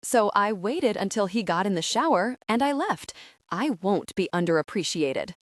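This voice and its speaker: A woman's voice: mid-range voice, lively intonation, normal speed, no echo, clean studio sound, close to an everyday voice. Woman doing a twangy Georgia belle. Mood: aggrieved. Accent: Southern US, Georgia twang. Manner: twangy, trilling, indignant. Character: bubbly Southern sister-in-law, woman, dramatic.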